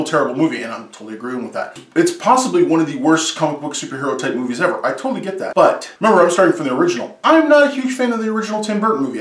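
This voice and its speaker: Lively jokey guy ranting about bad sequels, kinda high voice, roomy echo. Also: recorded from a distance. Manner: animated, sarcastic, jokey asides. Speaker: movie reviewer, host. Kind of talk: comedic top-list commentary.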